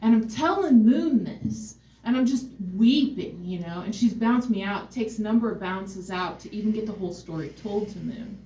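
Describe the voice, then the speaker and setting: A woman's voice: mid-range voice, expressive, moderate pace, few pauses, dark tone. A woman telling a personal story on stage, candid, wry and emotionally open. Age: adult, mother of a son. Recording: roomy hall, mic far off.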